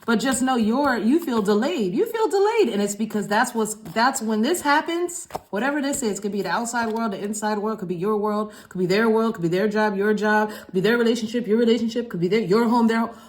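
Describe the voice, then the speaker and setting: A woman's voice: fairly high pitch, a little fast, hardly any pauses. A woman giving a casual collective tarot reading, talking in a loose, rambling, slangy way with frequent swearing and repeated phrases. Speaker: tarot reader.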